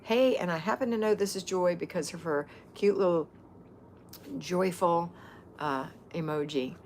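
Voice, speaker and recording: A woman's voice: on the low side, unhurried, a little mellow, slight background noise. A middle-aged woman hosting a casual livestream, chatting and greeting viewers by name as a home-organizing mentor.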